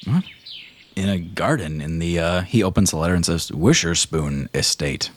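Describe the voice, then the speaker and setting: A man narrating a tabletop game as game master, animated and playful. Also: low-pitched, dry recording. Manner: animated, laughing narration with quick character voices.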